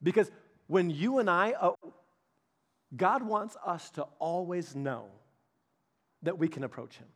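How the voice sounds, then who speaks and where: Pastor guy with a high voice telling stories in a sermon, chatty, lots of restarts. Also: unhurried, long pauses. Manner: chatty, animated, many restarts and asides; addresses the congregation directly. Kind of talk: casual storytelling sermon.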